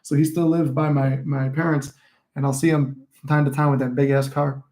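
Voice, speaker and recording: A man's voice: mid-range voice, little pitch movement, normal speed, darkish tone. A young man in his twenties telling rambling, profane stories in a casual livestream chat, reading viewer comments aloud. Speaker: livestream host.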